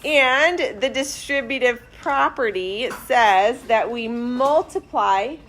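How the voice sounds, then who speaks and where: A woman math teacher in a classroom, walking students through problems step by step in a slow, deliberate way. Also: a little high, fairly bright tone, a little hiss or hum. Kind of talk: classroom instruction.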